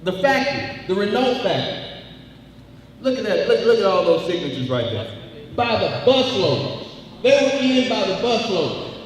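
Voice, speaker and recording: A man's voice: high-pitched, sing-song, moderate pace, pauses often. A man giving a rallying speech at a worker meeting, repeating phrases and calling on the audience to answer him. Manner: call-and-response exhortation, repeating phrases. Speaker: union meeting speaker. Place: large meeting hall. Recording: echoey hall, heard from far off.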